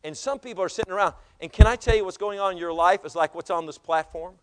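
A man preaching a sermon as pastor, swinging from loud exhortation to hushed asides and telling stories from the pulpit. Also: sits high, fast. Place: church sanctuary.

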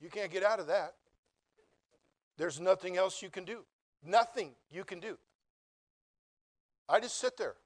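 A man's voice: high voice, measured pace, pauses often. Folksy, humorous male preacher. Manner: folksy, humorous, animated storytelling. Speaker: preacher and Bible college teacher. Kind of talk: storytelling sermon.

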